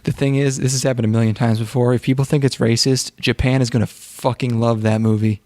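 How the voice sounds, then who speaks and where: A podcast co-host in casual conversation, with a voice at an ordinary middle pitch. He delivers sarcastic jokes flatly and dryly. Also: quick pace. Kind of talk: casual chat.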